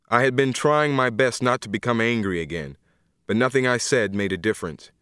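A man reading a first-person story aloud in a measured, grave manner. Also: mid-range voice, fairly bright tone, clear, resonant tone, no echo, clean studio sound. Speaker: audiobook narrator. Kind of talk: scripted first-person narration.

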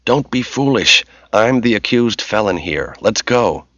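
Narrator doing a bossy determined guy, curt and insistent, deep voice, dry dull audio. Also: expressive, a little slow, fairly bright tone, no echo. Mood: stern. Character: determined commanding man in a crisis.

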